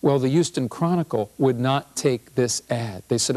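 A man, a physician and professor, giving a humorous public health talk with an animated, punchy delivery. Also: medium pitch, a little fast.

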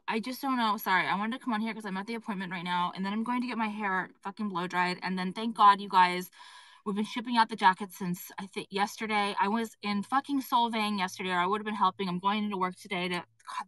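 A woman's voice: mid-range voice, fairly bright tone, dry recording, poor audio. A woman who owns a fashion brand, rambling and venting in a casual phone live stream, swearing often and filling with "like". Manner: rambling and exasperated, heavy swearing and fillers. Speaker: fashion brand owner livestreaming to followers. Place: indoors at an appointment.

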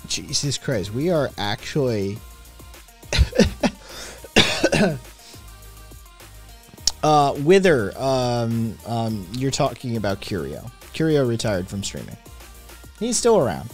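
A man hosting a casual livestream, reading chat messages aloud and answering them with loud, profane, animated opinions. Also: medium pitch, slow pace, long pauses, faint music behind. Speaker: podcast host reading live chat.

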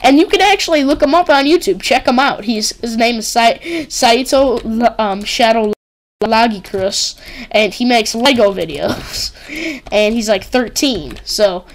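This woman hosts a gaming channel, and her fairly high voice moves unhurriedly with lively intonation. Her casual game commentary rambles, with plenty of giggles, "like" and "um."

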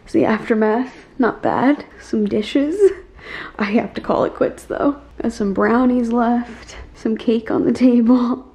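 A woman's voice: fairly high pitch, fairly even intonation, unhurried, dark tone. A woman hosting a party at her home and chatting to the camera for her vlog, laughing often. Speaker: vlogger hosting a birthday party. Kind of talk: casual vlog chat. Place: home, indoors.

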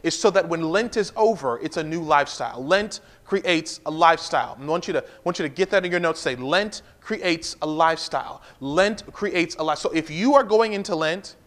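High-voiced man preaching a conversational sermon. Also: expressive, fairly quick, hardly any pauses, a bit bright. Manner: conversational preaching with repetitions and asides. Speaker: pastor. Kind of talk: livestream sermon.

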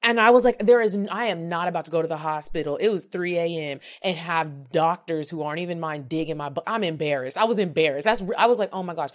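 A woman's voice: on the low side, fast talker, few pauses. A woman in her thirties telling a story frankly and with animation on a podcast, acting out both sides of the talk. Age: 30s. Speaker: podcast co-host. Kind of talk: casual storytelling chat.

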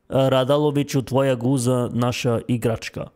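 A man's voice: fairly high pitch, animated, unhurried. A man streaming live, reading out viewer donations in a loose, joking manner with plenty of swearing; his voice sounds worn from talking. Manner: loose, joking, profane banter. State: strained, tiring voice. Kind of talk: casual live-stream chat.

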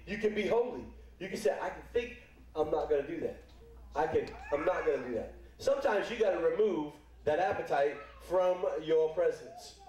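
In a church sanctuary, a middle-aged pastor delivers a folksy, playful sermon, acting out little voices along the way. His voice is on the high side with a dark tone, and he stands far from the mic, so the hall sounds echoey.

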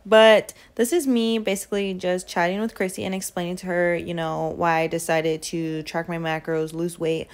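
A woman's voice: lowish voice, little pitch movement, normal speed, hardly any pauses. A woman vlogging in a casual, chatty and emotional way, tired and sometimes swearing. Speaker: fitness vlogger. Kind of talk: casual vlog chat. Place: hotel room.

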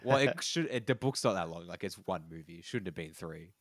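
Low-voiced rambling man, dry sound. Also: expressive, no room sound. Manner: rambling, halting with repeated fillers. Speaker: podcast co-host. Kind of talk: casual chat.

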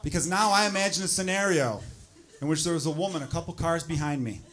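A man doing a stand-up set on a club stage into a handheld mic, talking bluntly and profanely and building to loud rants. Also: a little high, quick pace, noisy background. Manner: straight-shooting, profane, building to loud ranting. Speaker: stand-up comedian.

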